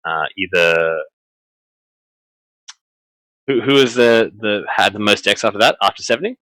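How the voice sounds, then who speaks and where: Lively male game master, bright voice. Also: fairly low pitch, fairly quick, no room sound, rough recording. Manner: animated, chatty, many fillers and restarts. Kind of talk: running a tabletop horror game live.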